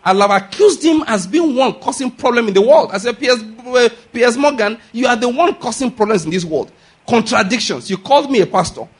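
A male pastor preaching with a high-pitched, husky voice. He drives his points home by firing questions at the congregation and repeating key lines. The delivery is insistent and emphatic. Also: animated, brisk. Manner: emphatic, drills points with call-and-response questions. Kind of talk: sermon.

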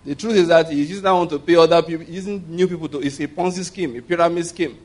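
Conversational preacher, high-ish man's voice. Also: quick pace. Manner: conversational, rhetorical questions, call-and-response. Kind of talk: sermon.

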